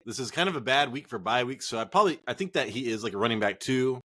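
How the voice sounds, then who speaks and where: A man's voice: medium pitch, lively intonation, fast talker, pushed and bright. A man co-hosting a casual fantasy football podcast, a bit tipsy from drinking, joking, swearing and rambling. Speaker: podcast co-host.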